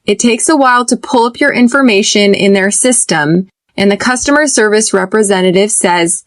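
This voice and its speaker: An American woman teaching English pronunciation on a podcast, speaking slowly and deliberately so learners can repeat after her. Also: mid-range voice, no room sound.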